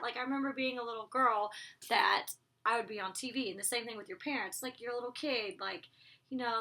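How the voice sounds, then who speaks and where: Bright-voiced chatty woman vlogger. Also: fairly high pitch, a little fast. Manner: gushing, chatty, acts out characters' lines with voices. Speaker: TV episode recap vlogger. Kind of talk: casual chatty episode recap.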